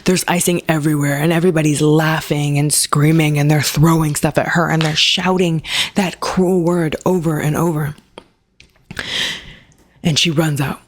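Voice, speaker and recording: A woman's voice: low voice, fairly even intonation, normal speed. A woman book reviewer retelling a plot in a chatty way, with sarcastic asides. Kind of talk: casual book review rant.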